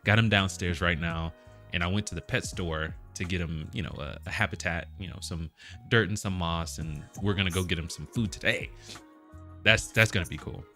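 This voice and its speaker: Deep-voiced guy hosting a chill stream, laughs a lot, punchy bright sound. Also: normal speed, soft background music. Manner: easygoing, laughs often. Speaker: host. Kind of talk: casual chat on a stream.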